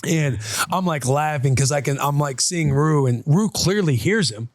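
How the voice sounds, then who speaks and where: A man's voice: fairly high pitch, lively intonation, moderate pace, no room sound, studio quality. A man in his thirties hosting a casual podcast, telling rambling, laughing stories about his child and acting out what was said. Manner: rambling, laughing storytelling with acted-out quotes. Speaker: podcast host, father. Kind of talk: casual chat.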